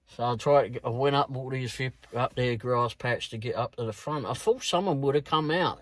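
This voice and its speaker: Rambling British man, swearing delivery driver. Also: medium pitch. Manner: rambling, swears freely, chuckles. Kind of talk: casual storytelling vlog.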